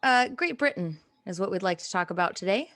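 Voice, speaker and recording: A woman's voice: mid-range voice, expressive, brisk, fairly bright tone, no room sound. An American woman co-hosting a casual podcast chat, playful and giggly with theatrical asides. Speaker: podcast co-host.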